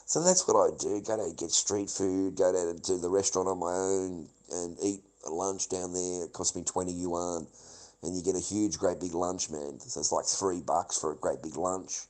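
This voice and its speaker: A man's voice: deep voice, normal speed, a little mellow, low-quality recording. Profane, bitter man ranting. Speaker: livestreamer. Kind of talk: rambling livestream monologue.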